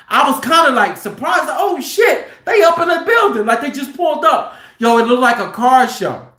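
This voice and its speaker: A man who drives trucks, telling stories casually and with profanity, acting out what people said. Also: extremely high pitch. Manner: animated, profane, acts out quotes loudly. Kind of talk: casual storytelling. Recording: roomy echo.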